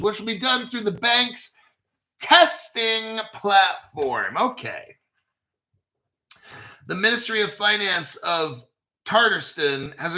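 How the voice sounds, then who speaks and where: A man's voice: high-pitched, sharp tone. A man hosting a live crypto show, talking casually and profanely, and bantering with himself as he reads articles. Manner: profane, talks back to himself.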